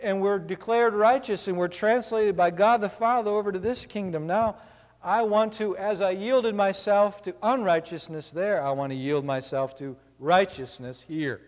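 Pastor guy preaching, reads verses slow then explains plain, kinda high voice, big echoey church hall. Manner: reads scripture slowly, then explains with everyday examples. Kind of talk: sermon. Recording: long hall reverb.

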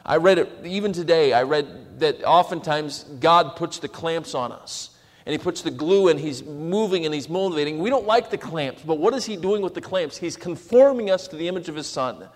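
A man's voice: fairly high pitch, lively intonation, moderate pace. A man preaching a sermon in a conversational way, slipping into acted asides. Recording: long hall reverb.

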